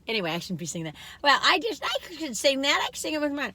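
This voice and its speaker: Bright, chatty older woman vlogger. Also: high voice, quick pace, hardly any pauses. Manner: chatty, rambling, wandering storytelling; lively swings between loud excited bursts and quiet musing. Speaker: food vlogger. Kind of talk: casual taste-test chat.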